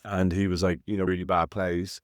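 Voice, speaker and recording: A man's voice: low-pitched, flat delivery, fairly quick, no echo, clean studio sound. An Irish man in his thirties co-hosting a podcast, telling chatty stories and acting out the voices of the people he quotes. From Ireland. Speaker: podcast co-host. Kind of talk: casual chat.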